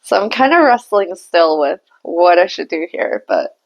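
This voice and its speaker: Woman tarot reader, young adult, unhurried delivery, vocal fry, musing and self-amused. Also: on the low side, big pitch swings, muffled recording. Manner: slow, musing, laughs at herself. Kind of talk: casual spiritual reading monologue.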